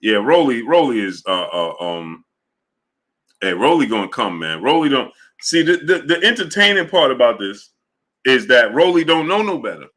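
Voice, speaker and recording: Laughing, slangy sports show host, bright voice. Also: male voice, medium pitch, normal speed. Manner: animated, laughs a lot, slangy, repeats himself. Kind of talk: casual livestream chat.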